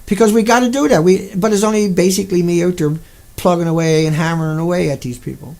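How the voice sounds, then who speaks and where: Gravelly, furious ranting man. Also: high-pitched, fast talker, a little mellow. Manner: furious, profane, insulting. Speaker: video blogger. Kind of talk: angry profane rant to camera.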